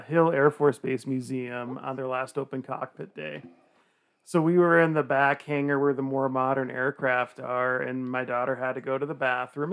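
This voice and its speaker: A man in his thirties hosting a podcast, telling a story with lively acted-out quotes. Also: medium pitch. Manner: animated storyteller, acts out quotes. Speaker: podcast host. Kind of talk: casual storytelling.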